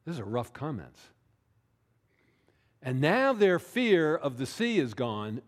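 A pastor delivers a sermon in a relaxed, conversational manner, his voice sitting at an ordinary middle pitch for a man. He keeps checking in with the congregation and draws out his words whenever he wants a point to land. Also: slow pace, long pauses. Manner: conversational, often checks in with "right?".

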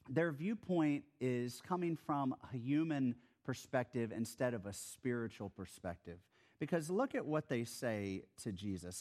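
Animated, lively-voiced male preacher. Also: medium pitch. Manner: conversational, animated storytelling. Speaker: pastor. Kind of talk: sermon.

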